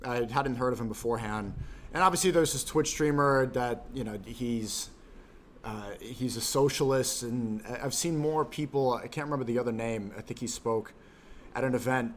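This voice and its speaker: A man's voice: mid-range voice, normal speed. A man with a mid-range voice hosts a casual chat and stumbles through long, rambling questions. A faint hum runs under the recording. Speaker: podcast host.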